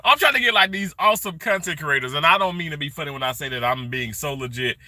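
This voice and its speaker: A middle-aged man chatting casually on a live stream, greeting viewers by name and rambling warmly. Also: a little high, animated, fast talker, no echo. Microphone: phone held vertically.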